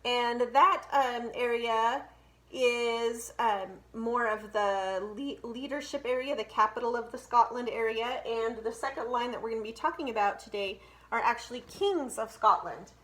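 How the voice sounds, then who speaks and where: Female co-host, raised pitch, chatty with ums, recorded in a roomy, echoey space. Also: moderate pace, a bit bright. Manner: chatty, with frequent ums and giggles. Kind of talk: casual family history presentation.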